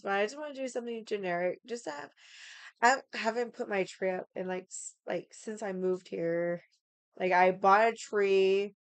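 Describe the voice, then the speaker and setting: A young woman rambles in a loose, chatty way, leaning on filler words and dropping swears between thoughts. Her voice is smooth and clear, and the sound is dry and close, with no room echo. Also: medium pitch. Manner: rambling, heavy on 'like' and swearing. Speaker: streamer. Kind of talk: casual chat while drinking.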